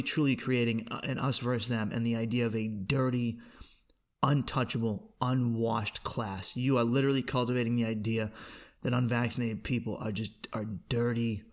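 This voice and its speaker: A man hosting a comedy podcast, riffing through a profane monologue and laughing at his own jokes. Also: mid-range voice.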